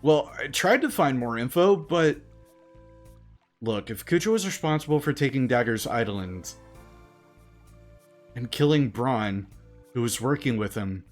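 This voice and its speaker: A man's voice: mid-range voice, lively intonation, a little slow, pauses often, soft background music, close to an everyday voice. A man voicing a casual young male thief in his own plain voice while reading game text aloud. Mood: worried. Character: easygoing young male thief, cocky but worried.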